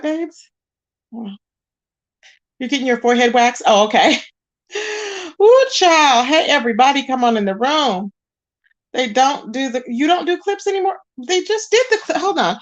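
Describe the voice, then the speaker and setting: A woman's voice: high-pitched, expressive, normal speed. A woman hosting a casual livestream, greeting viewers and chatting while she searches her screen. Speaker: livestream host.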